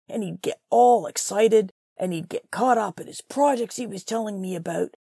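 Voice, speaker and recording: A woman's voice: mid-range voice, vocal fry, dry recording, studio quality. A woman from Canada, a career coach, giving direct, blunt interview advice on her podcast. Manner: direct, blunt, animated with laughs.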